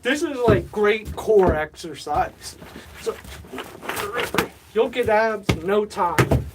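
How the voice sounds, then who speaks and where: Slow, rambling livestream chatter. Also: medium pitch, lively intonation, background noise. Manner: rambling, chatty, self-mocking, talks to chat. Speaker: livestream host. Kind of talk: casual livestream chat.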